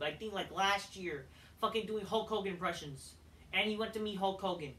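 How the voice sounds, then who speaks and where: A man's voice: high-pitched, bright, forceful tone, far from the mic. A man reviewing a wrestling show in a heated, profanity-laden rant.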